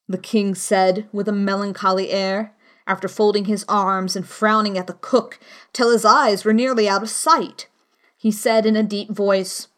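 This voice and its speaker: A woman reading a children's classic aloud as an audiobook narrator, in a measured way. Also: mid-range voice, fairly even intonation. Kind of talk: storybook narration.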